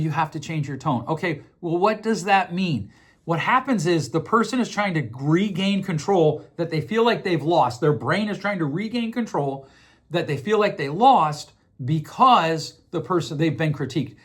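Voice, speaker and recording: Male advice speaker, earnest and direct, slightly high voice, acts out examples. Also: animated. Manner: earnest, acts out short dialogues with quick shifts in voice. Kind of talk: direct-to-camera advice talk.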